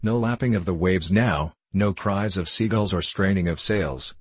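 A man reading a story aloud in a measured, even narration with a husky voice. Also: sits low, dry recording. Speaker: audiobook narrator. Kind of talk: scripted narration.

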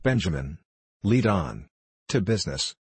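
A man voicing a pompous, haughty young apprentice captain who speaks slowly and grimly, in a low husky voice. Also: big pitch swings, a little mellow, no room sound, full character voice. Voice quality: haughty, grim. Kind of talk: audiobook character reading.

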